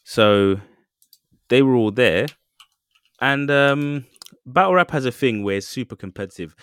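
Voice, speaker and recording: A man's voice: medium pitch, lively intonation, unhurried, a bit bright, clean tone, no room sound. A man co-hosting a podcast, telling a story loosely with lots of fillers and asides. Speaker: podcast co-host. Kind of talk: casual chat.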